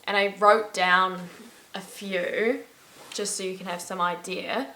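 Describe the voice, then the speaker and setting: A young woman talks straight to camera in a casual travel vlog. Her voice is bright and forceful. She rambles cheerfully and leans on "like" in nearly every sentence. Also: mid-range voice, fairly even intonation, slow pace, a little hiss or hum. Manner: chatty, peppered with "like"; upbeat, laughs at her own stories. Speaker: travel vlogger.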